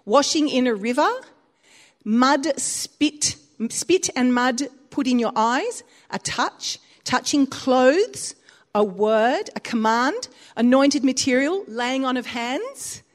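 Animated high-voiced woman preacher. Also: slow. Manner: animated storytelling with big pitch swings and laughter. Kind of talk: sermon. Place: church.

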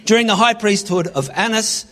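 Animated preacher, high voice. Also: male voice, moderate pace. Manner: animated, dramatizing scripture readings with sudden loud bursts. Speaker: pastor. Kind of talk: sermon.

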